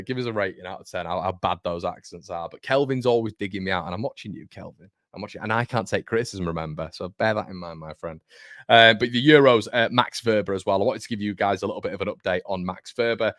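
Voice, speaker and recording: A man hosts his own football fan channel, talking emphatically and throwing in jokes as he goes. His voice sits low, and it is recorded close and dry. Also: fast, a bit bright, dry recording. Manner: chatty, emphatic, joking asides. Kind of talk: casual football commentary to camera.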